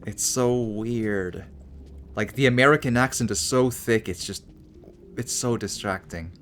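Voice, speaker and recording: A male streamer rambles as he plays through a game, stammering and repeating himself. Faint room ambience hangs behind his mid-pitched voice. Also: normal speed, a bit bright, slight background noise. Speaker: gaming streamer. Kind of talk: casual let's-play commentary.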